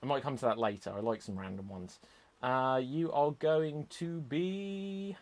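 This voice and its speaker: A man hosting a live-streamed improv comedy show over a video call, chatty, brisk and self-deprecating. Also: mid-range voice.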